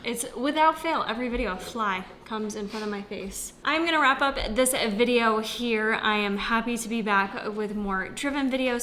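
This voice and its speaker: A woman's voice: a little high, fairly bright tone, slight background noise. A young woman fitness vlogger talking casually and frankly, swearing freely and laughing easily. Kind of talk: casual vlog chat.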